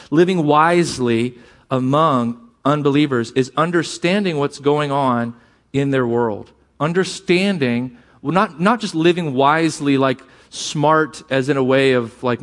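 A man preaching a sermon, animated and jokey, who acts out quoted lines in a raised voice. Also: mid-range voice. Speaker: pastor.

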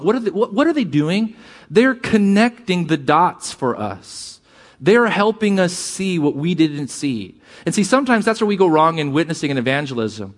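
A man preaching a sermon, animated and jokey, who acts out quoted lines in a raised voice. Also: on the high side, moderate pace. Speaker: pastor.

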